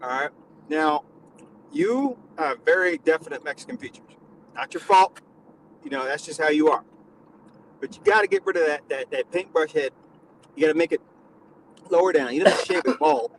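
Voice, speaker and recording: A man hosting a live stream, teasing his guest with mock-serious, deadpan lectures in casual banter. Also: a little high, normal speed, long pauses, a little hiss or hum, poor audio. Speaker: stream host.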